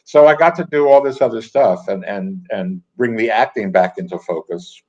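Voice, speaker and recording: An older man, a comedy writer and actor, chatting casually as an interview guest and telling wry anecdotes with quick asides. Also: lowish voice, darkish tone. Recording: dull lo-fi audio.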